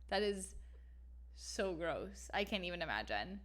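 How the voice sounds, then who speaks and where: A young woman co-hosting a podcast in casual chat, animated and full of "like" fillers, cursing freely. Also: on the low side, measured pace. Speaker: podcast co-host.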